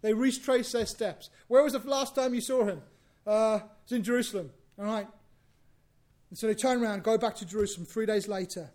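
A man preaching a sermon, lively and conversational, acting out bits of dialogue and repeating words as he goes. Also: sits high, a little fast. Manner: animated, acts out biblical dialogue, repeats himself.

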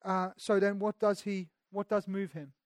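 High-voiced man preaching with dry sound. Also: little pitch movement, moderate pace, no room sound. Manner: preaching with dramatic swings between loud emphasis and hushed intimacy; repeats words and restarts phrases. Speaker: pastor. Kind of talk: sermon.

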